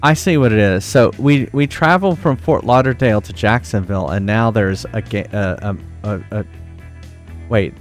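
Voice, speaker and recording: A man streaming a game, joking and thinking out loud as he plays. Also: lowish voice, normal speed, soft background music. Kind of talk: casual gameplay commentary.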